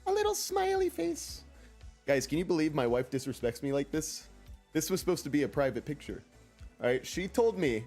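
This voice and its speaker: A man's voice: mid-range voice, brisk, a little mellow. A young man streaming a game, chatting casually with his viewers, joking around and reading out chat messages in silly voices. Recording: faint music behind.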